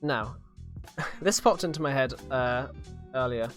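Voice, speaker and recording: A man's voice: mid-range voice, takes it slowly, fairly bright tone, soft background music. Rambling young British man, casual review. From Britain. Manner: rambling, hesitant, many fillers and laughs. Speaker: podcast host reviewing a series. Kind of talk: casual live-stream review chat.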